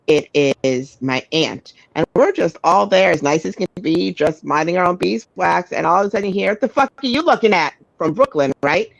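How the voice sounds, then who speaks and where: A woman in her thirties, a podcast co-host, telling a story in a casual, animated way with lots of swearing and restarts. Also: fairly low pitch, moderate pace, vocal fry, hardly any pauses, no room sound, lo-fi sound. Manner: animated, profane, frequent restarts.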